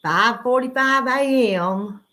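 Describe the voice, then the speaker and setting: A woman's voice: on the high side, slow pace, bright, forceful tone. Rambling Southern woman chatting live. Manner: rambling, laid-back, greets viewers by name. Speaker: livestream host. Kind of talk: casual livestream chat.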